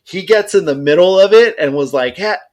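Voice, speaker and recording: A man co-hosting a podcast, telling a story in casual chat and jumping into high voices for the people he quotes. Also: expressive, fairly quick. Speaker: podcast co-host.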